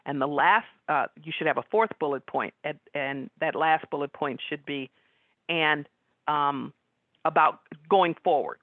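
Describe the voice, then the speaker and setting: A middle-aged woman giving a webinar talk as guest speaker, telling personal stories in a conversational, animated way. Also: deep voice, a little slow, no room sound. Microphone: video call. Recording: tinny phone-like webinar audio.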